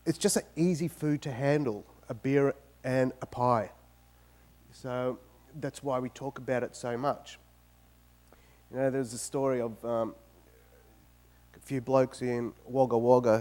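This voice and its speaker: A man with an Australian accent giving a guest talk in a university auditorium and telling jokes in a lively, storytelling way. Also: medium pitch. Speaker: guest speaker. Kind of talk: informal talk with joke-telling.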